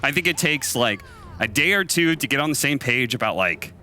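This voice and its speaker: A man breaks down a match on a live esports desk in a very bright, sharp voice. His pitch jumps around as he talks in a chatty, animated way. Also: a little fast, soft background music. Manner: chatty, animated, laughs easily. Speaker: esports analyst.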